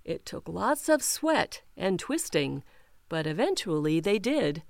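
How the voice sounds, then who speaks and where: A woman reading children's picture books aloud, slow and expressive, giving the characters their own voices. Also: lowish voice, creaky, noisy background. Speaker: children's storytime reader.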